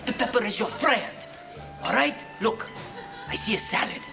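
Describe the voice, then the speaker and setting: A man voicing a pushy, excitable chef. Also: sits high, moderate pace, vocal fry, music in the background, voice pushed up, full character voice. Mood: coaxing.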